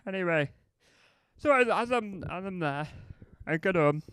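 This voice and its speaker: A man's voice: high voice, animated, moderate pace, a bit bright, clear, resonant tone, no echo. A man doing stand-up comedy, telling a meandering anecdote that keeps correcting itself and acting out both sides of conversations.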